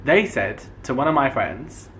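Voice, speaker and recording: A man's voice: mid-range voice, unhurried, slight background noise. A man in his twenties, a YouTuber telling stories casually to camera and acting out the lines of the people in them. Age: 20s. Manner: animated, acts out quoted dialogue.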